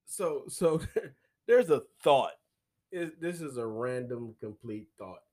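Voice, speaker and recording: A man's voice: medium pitch, lively intonation, slow pace, mellow, soft background music. A man hosting a comedic solo podcast, rambling and swearing as he laughs through his own words. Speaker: podcast host.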